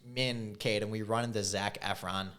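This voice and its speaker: A man's voice: on the low side, normal speed. A man in his twenties chatting casually as a podcast co-host, telling stories with lots of laughter. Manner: laughing, animated storyteller. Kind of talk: casual chat.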